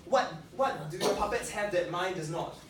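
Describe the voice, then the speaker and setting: A workshop leader coaching a group through puppetry basics, lively and coaxing, tossing questions out to the room. The voice sits in a middle register. It is caught from across a large, echoey room. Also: medium pitch, normal speed, crowd noise. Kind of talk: teaching a workshop. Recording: echoey room, picked up from a distance.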